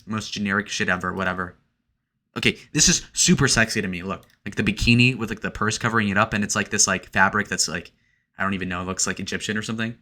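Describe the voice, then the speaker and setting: Brief: young male commentator, bright and sharp-toned, crude and sarcastic. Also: lowish voice. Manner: crude, sarcastic, filler-heavy with "like". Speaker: online commentator. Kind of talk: casual reaction commentary.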